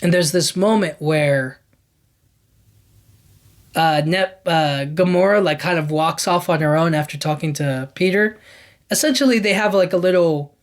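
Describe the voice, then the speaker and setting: In an unhurried, slightly high voice, a male podcast host gives a loose, rambling recap of a movie. He gets enthusiastic about scenes, peppering his talk with "like" and "you know what I mean."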